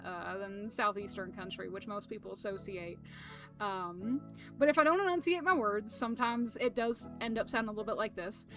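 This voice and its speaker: A woman's voice: medium pitch, sharp tone. A young woman streaming, chatting casually to viewers, rambling with lots of fillers, laughter and swearing.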